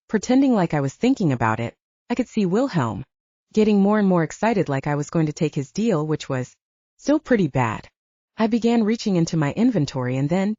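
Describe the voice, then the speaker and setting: Husky-voiced woman narrating an audiobook. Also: on the low side, warm tone, no echo. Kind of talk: scripted first-person narration. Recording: dull lo-fi dry recording.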